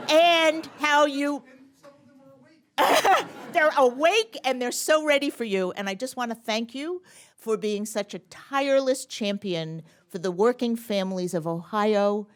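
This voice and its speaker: A woman hosting a policy briefing, giving earnest, upbeat welcome remarks and introducing the keynote speaker to a seated audience. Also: a little high.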